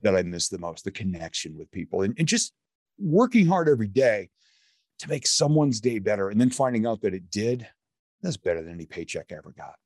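Low-voiced man telling a lively story. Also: a little fast, no echo, studio quality. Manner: animated storyteller who acts out quoted voices. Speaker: guest, keynote speaker and author. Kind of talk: casual storytelling conversation.

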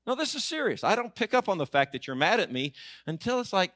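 A middle-aged man preaches, his somewhat high voice leaping up and down as he builds humorous stories with emphatic punch. The sound is close and dry, without room echo. He talks like a storyteller winning over a crowd. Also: very animated, quick pace, fairly bright tone. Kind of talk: storytelling sermon. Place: auditorium.

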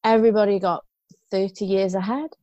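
A woman's voice: medium pitch, steady tone, fairly quick, mellow, no room sound, dull audio. A woman in her fifties, a guest in an interview, telling her story frankly and ramblingly, with restarts and rueful laughs.

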